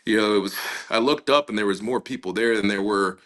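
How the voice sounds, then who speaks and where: A man's voice: lowish voice, fairly quick, a bit bright. A man, an interview guest, recounting a story in a casual, conversational way, full of fillers and acted-out dialogue. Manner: casual, many fillers, acts out quoted dialogue.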